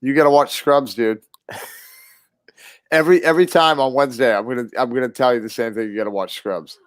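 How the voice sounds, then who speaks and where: A man's voice: medium pitch, normal speed, no room sound, studio quality. A man co-hosting a casual chat show, eager and reactive, laughing easily as he listens. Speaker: podcast co-host.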